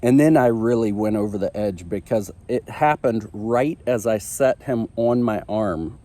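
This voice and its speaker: A man's voice: fairly low pitch, dark tone. A man in his thirties hosting a marriage show, telling a personal story in a candid, confessional way with frequent ums and uhs. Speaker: marriage podcast host.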